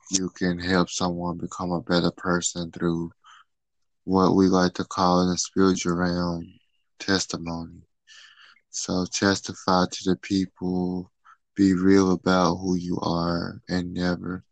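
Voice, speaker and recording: Slow, deep-voiced man with gravelly fry. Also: fairly bright tone, dry recording, poor audio. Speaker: podcast host. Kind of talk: podcast talk.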